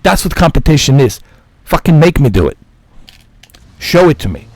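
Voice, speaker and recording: A man with a fairly high, sing-song voice that is a little mellow and slightly rough talks at normal speed, with no echo. As a gaming vlogger, he rants heatedly to camera, swearing often and repeating his points in exasperation.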